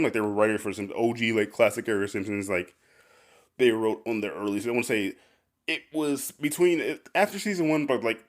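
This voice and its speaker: Male podcast host, casual chatty delivery, filler-heavy and quick to laugh, lowish voice.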